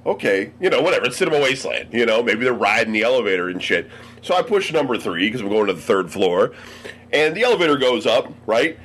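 A man with a mid-range voice tells a relaxed story to friends. He talks easily and chuckles every so often. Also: mid-range voice, quick pace. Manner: laid-back, chuckling anecdote. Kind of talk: casual storytelling among friends.

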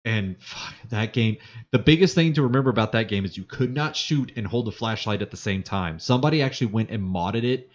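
A man's voice: lowish voice, a little fast. A man co-hosting a casual podcast chat, rambling and playful, who hums and fills time when left alone. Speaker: podcast co-host. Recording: dull lo-fi sound.

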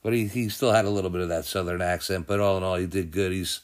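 Speaking quickly in a low, steady voice, a man hosts a laid-back sports podcast. He rambles over results and news, thinking aloud and correcting himself often.

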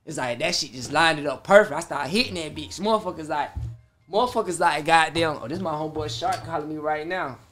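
A young man, a performing artist, telling stories in a casual interview chat, animated and profane, acting out his own reactions. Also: fairly high pitch, fairly quick, few pauses, soft background music.

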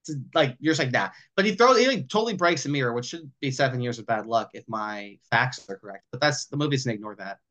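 A man co-hosting a podcast who talks a film over in casual chat, swearing freely and acting out the characters' lines in quick little voices. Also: medium pitch, lively intonation, fairly bright tone. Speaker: podcast co-host.

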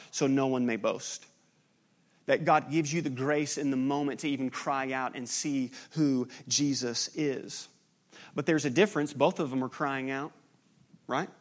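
A man in his thirties, a pastor, preaching a sermon in a conversational, animated style that builds to an impassioned climax. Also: mid-range voice.

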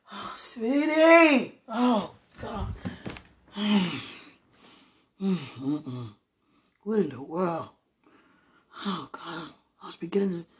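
A woman lying in bed, praying aloud in a moaning, pleading way, drifting between hushed whispers and loud protests. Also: on the high side. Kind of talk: emotional spoken prayer monologue.

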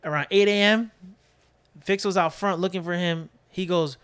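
A man casually telling a long story on a podcast, animated, swearing freely and acting out his friends' voices. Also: sits high, normal speed, clear, resonant tone. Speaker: podcast co-host.

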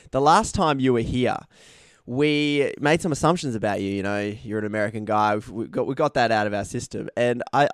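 A man's voice: medium pitch, no echo, clean studio sound. A man hosting a casual podcast interview, chatty and teasing his guest. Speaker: podcast host.

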